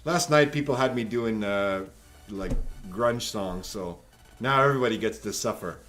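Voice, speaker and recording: A man's voice: on the low side, moderate pace, a bit bright, soft background music. A man hosting a live-streamed trivia night from home, reading questions and joking with players in a chatty, teasing way. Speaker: trivia quiz host.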